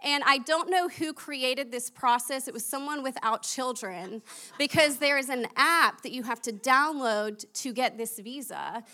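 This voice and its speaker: A young woman with a lilt delivers a sermon in an animated, conversational way. Her voice sits high and sounds bright and forward. She laughs at herself as she tells her stories. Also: measured pace. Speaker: preacher.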